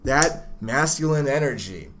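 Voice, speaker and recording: A man's voice: mid-range voice, lively intonation, measured pace, very noisy. A man hosting a dating-advice talk show, casual, blunt and profane, often talking over his co-host. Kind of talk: casual chat.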